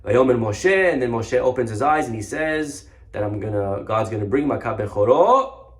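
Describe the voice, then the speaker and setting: A rabbi giving a lively sermon, telling a story with mocking humor and dramatic emphasis. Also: male voice, medium pitch, moderate pace. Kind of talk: animated sermon.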